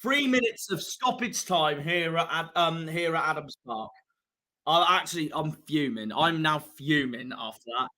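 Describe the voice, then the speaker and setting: A young man, live-streaming a football watchalong, grumbling and fuming at the scores, dropping to mutters and rising to shouts. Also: fairly high pitch, expressive, measured pace. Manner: frustrated, ranting, swings between muttering and shouting.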